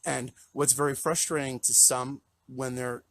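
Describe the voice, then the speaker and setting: Choked-up man with a gravelly voice. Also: medium pitch, fairly even intonation, unhurried, fairly bright tone. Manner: earnest, rambling, repeats himself when moved. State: choked up, near tears. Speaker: plant-based chef and counselor. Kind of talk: emotional live-stream talk to followers. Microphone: live video call.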